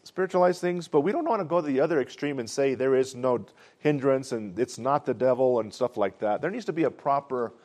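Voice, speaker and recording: A man's voice: medium pitch, a little mellow. A man preaching a conversational sermon, telling stories and asking "amen?" along the way. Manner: conversational storytelling, frequent "amen?" asides. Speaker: pastor.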